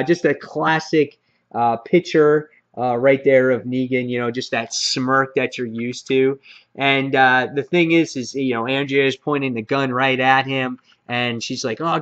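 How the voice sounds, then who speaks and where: A man's voice: medium pitch, lo-fi sound. A man hosting his own comic book review channel, talking casually with lots of fillers and restarts. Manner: rambling with frequent fillers and restarts.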